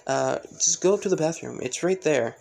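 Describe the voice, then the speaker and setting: A man's voice: a little high, moderate pace, creaky, a little mellow. A man reading aloud, voicing a kind, caring teenage girl in a cheerful, fussing way.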